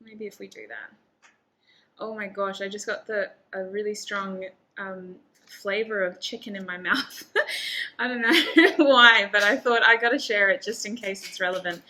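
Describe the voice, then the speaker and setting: A woman's voice: mid-range voice, moderate pace, bright, forceful tone. A woman giving a casual tarot reading to the camera, chatty and thinking aloud as she lays out cards, with frequent laughs. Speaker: tarot reader.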